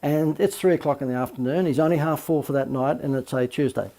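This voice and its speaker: A man, a marketing coach, giving a recorded course lecture full of lively anecdotes and emphatic asides. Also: on the high side, fast.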